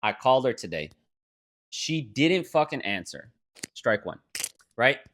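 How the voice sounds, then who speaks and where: A man's voice: mid-range voice, measured pace. A young man co-hosting a podcast, telling a story in casual chat, swearing a lot and mimicking others. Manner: profane, animated storytelling with mock voices. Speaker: podcast co-host.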